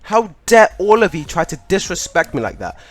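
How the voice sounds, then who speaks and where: A man's voice: sits high, big pitch swings, normal speed, pitched above the performer's own voice. A young man voicing an indignant female substitute teacher who scolds her class. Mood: scolding.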